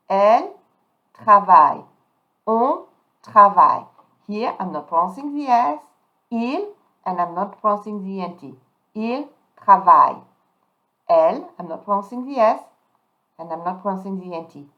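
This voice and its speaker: Woman, language teacher, mid-pitched voice, emphatic word modelling, dull lo-fi recording. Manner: slow, emphatic modelling of French words. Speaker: French teacher. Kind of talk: pronunciation lesson. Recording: dull lo-fi sound.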